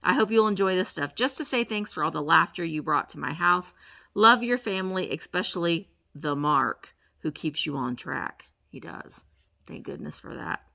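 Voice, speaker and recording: A woman's voice: fairly low pitch, animated, moderate pace, creaky, pushed and bright. A woman vlogger chatting casually as she unboxes a package, gushing over each item and talking playfully to the objects. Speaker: reseller vlogger.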